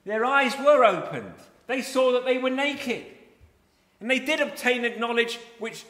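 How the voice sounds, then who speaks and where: A man's voice: extremely high pitch, animated, a little slow, fairly bright tone. A man preaching a sermon, reading scripture passages aloud and explaining them verse by verse. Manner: expository, reads scripture aloud then explains it. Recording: echoey hall.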